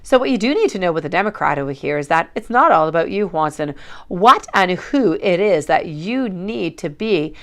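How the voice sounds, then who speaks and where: Gravelly-voiced woman reading tarot. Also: lowish voice, expressive, normal speed. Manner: chatty, affectionate, calls viewers sweetie. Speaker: tarot reader.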